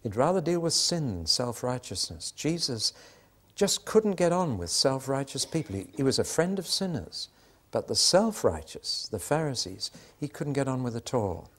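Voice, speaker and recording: A man's voice: mid-range voice, sing-song, moderate pace. An older British man preaching a sermon, telling stories and acting out the voices in the exchanges he recounts. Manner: storytelling, acts out quoted exchanges.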